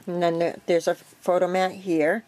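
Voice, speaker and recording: Relaxed woman showing her crafts. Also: fairly low pitch, moderate pace. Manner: relaxed, rambling with many ums and self-corrections. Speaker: craft vlogger. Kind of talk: casual show-and-tell.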